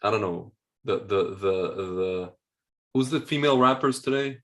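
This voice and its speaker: A man's voice: fairly low pitch, moderate pace. Rambling man chatting on a podcast. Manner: rambling, full of slang and restarts. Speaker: podcast co-host. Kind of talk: casual chat.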